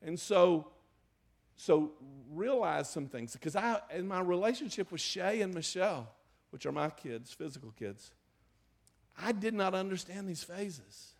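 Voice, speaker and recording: An older man preaching a sermon in earnest, moving between loud emphasis and hushed, emotional asides. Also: high voice, animated, a little slow, gravelly. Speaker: pastor.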